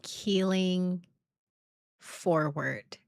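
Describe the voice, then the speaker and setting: A woman's voice: on the low side, very slow, vocal fry, dry recording. Blunt, swearing woman streamer. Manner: candid, profane, laughing often. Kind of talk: casual livestream monologue.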